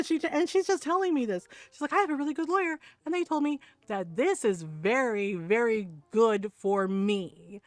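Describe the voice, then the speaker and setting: A woman with a higher-pitched voice chats casually while she streams a game. She tells stories with lots of quoted back-and-forth, often checking in with her listeners. The sound is dry and close, with little room echo. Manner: animated storyteller, retells others in quotes, keeps asking "right?".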